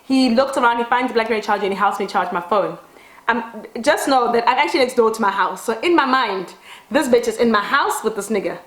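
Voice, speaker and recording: A woman who vlogs about beauty tells a dramatic story while doing her makeup at home. She is animated and swears casually. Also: on the high side, fairly quick. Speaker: beauty vlogger. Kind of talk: casual get-ready-with-me storytelling. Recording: roomy echo.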